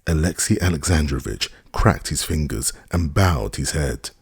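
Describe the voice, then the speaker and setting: Very deep, gravelly male narrator. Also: lively intonation, normal speed, no echo, clean studio sound. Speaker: audiobook narrator. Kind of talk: scripted narration.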